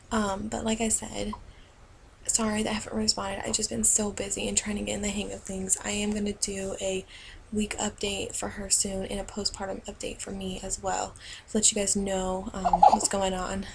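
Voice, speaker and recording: Soft-spoken young woman, gravelly and flat. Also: mid-range voice, slight background noise, poor audio. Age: young adult. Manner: rambling, many ums and restarts, soft. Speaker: vlogger and new mother. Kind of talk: casual talk to camera.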